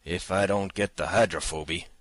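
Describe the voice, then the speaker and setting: A man voicing a rough, gruff kidnapper who grumbles about his pay in an audiobook reading. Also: deep voice, fairly even intonation, moderate pace, no echo, lightly acted. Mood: grumbling.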